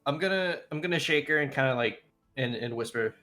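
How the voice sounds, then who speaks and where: A player in a tabletop role-playing game who speaks hesitantly, with many pauses. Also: medium pitch, animated, bright, forceful tone, soft background music. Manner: hesitant, halting. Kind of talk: casual tabletop play.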